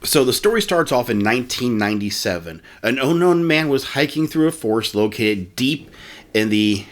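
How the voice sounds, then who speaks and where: With an expressive, mid-range voice at normal speed, a man hosting a podcast reads a story aloud in a relaxed manner. Frequent laughter interrupts him, and he plays with put-on narrator voices.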